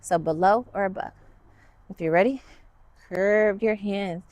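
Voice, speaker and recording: A woman's voice: medium pitch, a little slow, long pauses, a little mellow, no room sound. A woman guiding a kids yoga class, upbeat and encouraging with playful cues.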